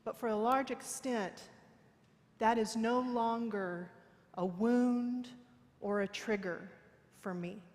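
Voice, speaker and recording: A woman's voice: fairly high pitch, steady tone, slow, pauses often, a little mellow. A woman preacher giving a sermon in a church, telling a candid personal story with playful self-mockery. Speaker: guest preacher. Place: church sanctuary. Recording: long reverb of a large hall.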